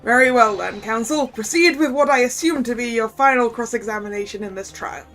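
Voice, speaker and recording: A woman voicing a pompous elderly male judge who speaks formally and deliberately. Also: a little high, a bit bright, soft background music. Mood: solemn.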